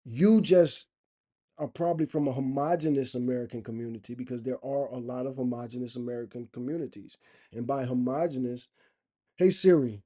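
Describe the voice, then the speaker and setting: A man's voice: mid-range voice, brisk, dark tone. A man vlogging in a rambling, opinionated casual monologue. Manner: rambling, opinionated, loose and conversational.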